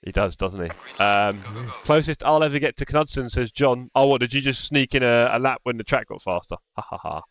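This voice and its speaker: A man's voice: mid-range voice, expressive, fairly quick, few pauses, fairly bright tone, no echo. A man hosting a live sim racing stream, chatting casually, teasing and reading the chat aloud. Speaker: stream host.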